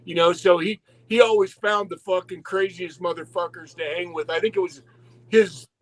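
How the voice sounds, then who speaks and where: High-voiced, foul-mouthed male storyteller. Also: moderate pace, rough recording. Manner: animated, swears constantly, restarts a lot. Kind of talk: casual profane storytelling.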